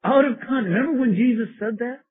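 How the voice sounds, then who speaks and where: A man's voice: very high-pitched, fast, husky. A man, a priest, giving a wry, storytelling lecture and laughing at his own anecdotes. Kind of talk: sermon-like lecture. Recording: tinny phone-like lo-fi recording.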